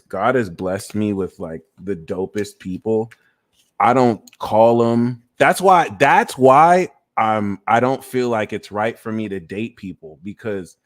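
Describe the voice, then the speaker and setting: A man hosting a casual astrology livestream, talking about himself in an animated, profane and self-mocking way, often laughing at himself. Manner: animated, swings into high squeaky mock voices and self-mocking rants. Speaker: astrology reader and streamer.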